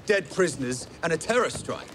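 A man's voice: fairly high pitch, lively intonation, fairly quick, a bit bright, slight background noise. An actor playing a cocky young male cat burglar and ex-soldier with a London accent, talking his way into a job. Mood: cocky persuasive. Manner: cocky, wheedling, streetwise. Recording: film clip over music score. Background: film score music.

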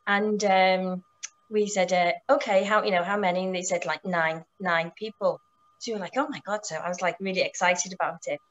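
A woman's voice: lowish voice, little pitch movement, normal speed, muffled recording. A middle-aged woman who runs motorcycle tours, telling stories in a casual, enthusiastic way with many restarts and fillers. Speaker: motorcycle tour operator. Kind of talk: casual storytelling.

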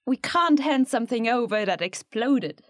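Woman player, blunt, sarcastic delivery; higher pitch, dry close sound. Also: lively intonation, normal speed, no room sound. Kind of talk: in-character tabletop play.

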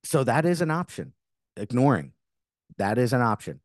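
A man's voice: mid-range voice, sing-song, normal speed, no echo, studio quality. Earnest rambling man hosting a spiritual podcast. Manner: earnest, rambling with frequent restarts. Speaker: podcast host.

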